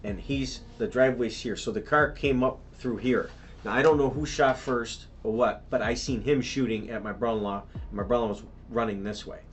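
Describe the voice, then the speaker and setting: A man's voice: medium pitch, a little fast, a little hiss or hum. Middle-aged man telling police what he saw. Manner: tumbling, repetitive storytelling with restarts. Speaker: witness being questioned by police. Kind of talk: police interview account.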